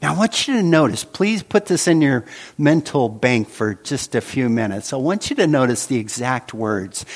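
A man preaching a sermon, swinging between loud emphasis and hushed, dramatic drops. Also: medium pitch, animated, normal speed, creaky. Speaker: pastor.

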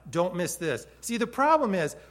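A man preaching a sermon who retells the story vividly, swinging between loud emphasis and quiet moments. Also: sits high, sing-song, moderate pace. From Hawaii. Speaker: pastor.

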